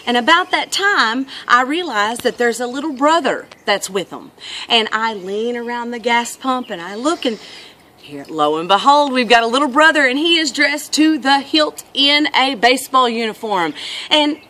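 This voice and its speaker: A woman's voice: a little high, animated, normal speed, sharp tone. A woman vlogger telling a story in a casual, earnest, reflective monologue.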